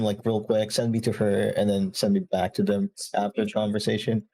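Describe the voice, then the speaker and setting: A man's voice: on the low side, little pitch movement, brisk, few pauses, mellow. Casual man playing a tabletop game. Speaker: player.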